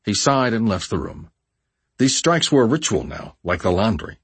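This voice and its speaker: A man narrating a first-person memoir audiobook in a measured, steady way. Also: fairly low pitch, slightly rough, no echo.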